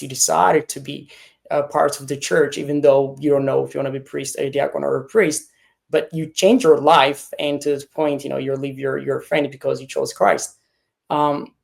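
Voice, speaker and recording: A man, a priest hosting an interview, asking long questions with many restarts and pauses. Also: on the high side, gravelly. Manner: halting, many restarts and fillers while asking. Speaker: host, priest.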